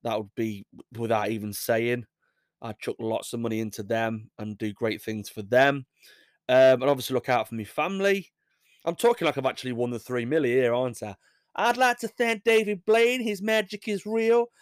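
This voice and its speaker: A man's voice: mid-range voice, dry recording. A young English man chats his way through quirky news, wandering off into jokes and chuckling at his own asides. His voice sits in a middle register and is recorded close and dry, with no room sound. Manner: rambling, jokey, laughs at his own asides. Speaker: podcast host reading news stories. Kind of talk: casual chat.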